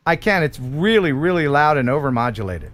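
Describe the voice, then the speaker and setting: A man's voice: on the high side, brisk. A man from the United States hosting a casual live-stream chat show, joking and laughing often. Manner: jokey, laughs often, animated. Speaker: host.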